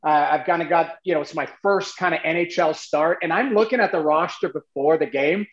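A man telling a long story in a casual, animated way, full of restarts. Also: on the high side, a little fast, roomy sound, muffled recording. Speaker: guest, former goalie.

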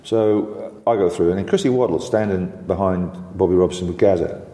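A man in his sixties recounts old tales, chuckling and restarting as he goes. His voice is very low and dark, and the recording carries a long, roomy reverb. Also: brisk. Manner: chuckling, animated storyteller, full of restarts. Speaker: former footballer, interview guest. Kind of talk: anecdotal storytelling. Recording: roomy reverberant room sound.

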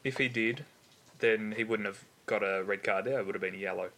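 A man with a low but bright voice chats about football in a laid-back way. His remarks come out dry and matter-of-fact. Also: fairly quick. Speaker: podcast co-host. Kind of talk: casual sports chat.

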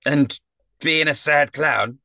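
A man's voice: fairly high pitch, slow pace, creaky, sharp tone, no room sound, voice pushed up, heavily acted. A man voicing a grumpy, self-important male sad clown who whines indignantly. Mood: flustered.

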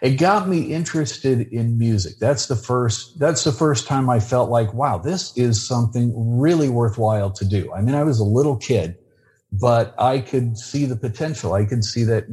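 A man's voice: medium pitch, lively intonation, dark tone. Hesitant male interview guest. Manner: hesitant, halting, plainspoken. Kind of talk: casual interview chat.

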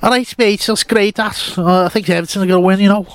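A man putting on a Scouse accent to play a cheery Liverpool football fan, high and bouncy. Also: fairly even intonation, quick pace. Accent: put-on Scouse. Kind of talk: comic impression on a podcast.

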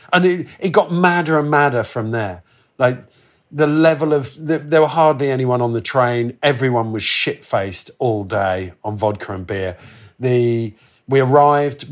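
A man in his forties, telling a wild travel story in casual chat, animated and swearing, acting out the voices of the people in it. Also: mid-range voice. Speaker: podcast guest telling travel stories.

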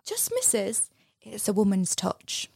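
A woman's voice: mid-range voice, wildly swooping pitch, slow, gravelly, a little mellow, husky, exaggerated voice. A woman doing a scornful, greedy farm wife. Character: scheming greedy middle-aged farm wife, sharp-tongued.

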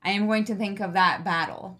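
A woman's voice: medium pitch, steady tone, brisk, pushed and bright. A woman co-hosting a casual book discussion stream, chatty and hesitant with many fillers. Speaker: podcast co-host.

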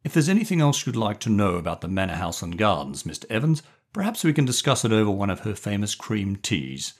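A man voicing a pompous older male colonel who speaks in a lordly, drawn-out way, with a husky voice. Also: on the low side, very animated. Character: old male country colonel, pompous, fond of chuckling.

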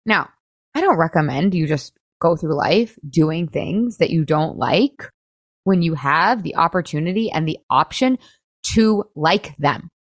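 Female coach, casual podcast host, low-ish voice, upbeat and chatty with lots of "like", dry close mic. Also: animated, no echo. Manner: chatty and upbeat, full of "like" and quick laughs.

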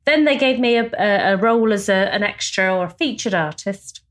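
A woman co-hosting a podcast in casual, excitable chat, telling stories. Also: mid-range voice, a little fast. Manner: excitable, storytelling. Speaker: podcast co-host.

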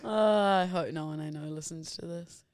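A man's voice: a little high, moderate pace, no echo, clean studio sound. A man in his thirties co-hosting a comedy podcast in casual banter, playful and jokingly boastful. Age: 30s. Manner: playful, self-mocking, boastful in jest. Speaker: podcast co-host.

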